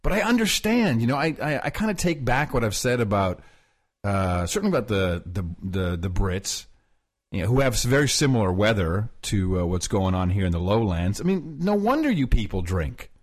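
A man's voice: on the low side, sing-song, normal speed. A man co-hosting a podcast in casual chat, rambling and laughing often as he tells stories. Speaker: podcast co-host. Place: rented apartment abroad.

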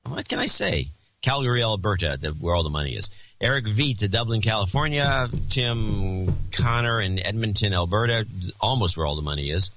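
Low-voiced man reading donor thanks. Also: animated, moderate pace, noisy background. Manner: dry, wisecracking asides. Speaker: podcast co-host. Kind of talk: casual chat, reading donor names and plugs.

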